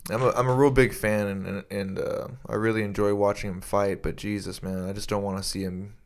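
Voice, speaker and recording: Low-voiced young man rambling casually. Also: flat delivery, fairly quick. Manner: rambling, swears freely, many restarts. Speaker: podcast co-host. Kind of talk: casual chat.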